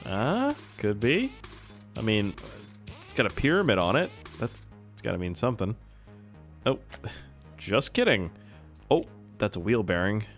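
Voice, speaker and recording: Young guy rambling over a game, voice jumping all over, yelps up high when surprised, faint music behind. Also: very animated, unhurried, long pauses. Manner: jokey, talks to himself, sudden high-pitched outbursts. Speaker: gaming YouTuber. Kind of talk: casual gameplay commentary.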